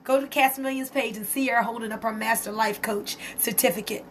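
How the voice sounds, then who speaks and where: A woman hosting a casual live stream, excited and emotional as she talks to viewers and reads their comments aloud. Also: a little high, fairly quick, slight background noise. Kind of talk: casual Facebook Live testimony.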